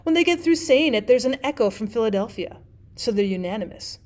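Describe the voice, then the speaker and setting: A woman's voice: on the high side, animated, a little fast, darkish tone, lightly acted. A woman reading as a young woman who answers in a dry, judicious way. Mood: wry. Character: young woman on a stoop, wry and teasing.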